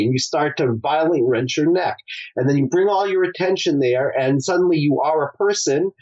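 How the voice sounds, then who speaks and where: A middle-aged man speaks as a psychologist guest, explaining his approach through a long client story. His voice sits a touch high, and he briefly takes on the client's words as he goes. The audio is dull and lo-fi. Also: fairly quick, a little mellow. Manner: storytelling, acts out client quotes. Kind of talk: explanatory interview talk.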